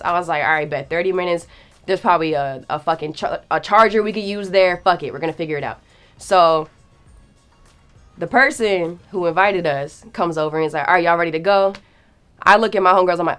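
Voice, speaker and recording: A young woman telling a story in a casual, animated way, acting out the quotes and swearing freely. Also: on the low side, a little fast, clear, resonant tone, soft background music.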